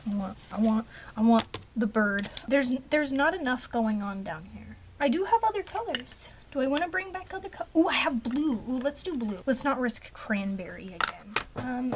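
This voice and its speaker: A woman's voice: high voice, expressive, moderate pace, noisy background. A young woman rambling to herself in a casual craft vlog, chatty and self-mocking. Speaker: vlogger.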